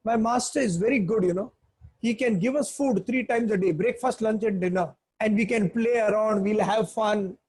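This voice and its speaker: A man's voice: high-pitched, normal speed, darkish tone, husky. Man doing a boastful pampered pet dog. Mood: eager, boastful. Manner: eager, boastful coaxing. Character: well-fed, cheerful male pet dog.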